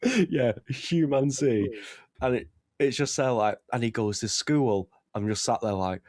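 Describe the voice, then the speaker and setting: A young man chatting casually on a podcast, animated, laughing often and swearing freely. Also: medium pitch, moderate pace, no room sound, studio quality. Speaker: vtuber guest.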